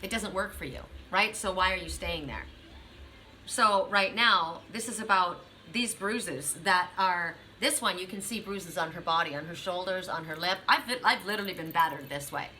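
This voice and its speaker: A woman's voice: on the low side, moderate pace, bright, forceful tone, a little hiss or hum, poor audio. A middle-aged woman reading oracle cards for her viewers, speaking earnestly and directly to the listener with repeated, affirming phrases. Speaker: oracle card reader. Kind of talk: spiritual card reading to viewers.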